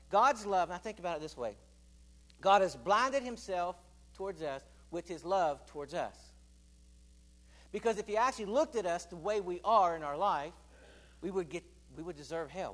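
A man with a notably high voice preaches a sermon, swinging between loud, emphatic declarations and hushed, low asides. He keeps asking the congregation questions and calling for their responses.

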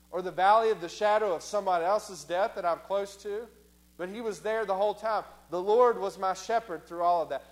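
A man preaching a sermon. He repeats phrases for emphasis, slows down on key lines, and voices the objections of imagined listeners. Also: high-pitched.

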